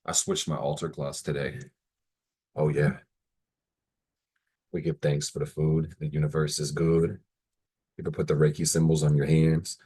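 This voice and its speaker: A man's voice: extremely low pitch, little pitch movement, moderate pace, pauses often, warm tone, slightly rough. A young man talking to the camera in a casual mukbang vlog, rambling and joking between bites. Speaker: vlogger. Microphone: camera in front of him, like a video call.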